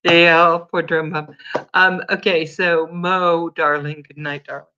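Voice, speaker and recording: A woman's voice: on the low side, level tone, a little slow, sharp tone, muffled recording. Chatty woman greeting livestream viewers. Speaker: livestream host. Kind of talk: casual livestream chat.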